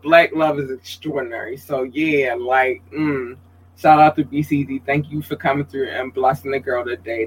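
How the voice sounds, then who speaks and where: A man hosting a casual livestream podcast, chatty and expressive, talking straight to his viewers and reading out their comments, his voice leaping up high when he gets excited. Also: poor audio. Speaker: podcast host.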